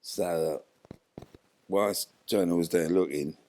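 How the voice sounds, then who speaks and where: A man's voice: low voice, slow pace. An older man, telling a story in an interview and acting out what people said. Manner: animated retelling, acts out quoted dialogue. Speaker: interview guest, former footballer.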